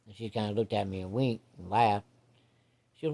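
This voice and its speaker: Guy just rambling thru an old story, mellow dark voice, folksy drawl. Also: lowish voice, expressive, fairly quick, pauses often. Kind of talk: casual spoken storytelling.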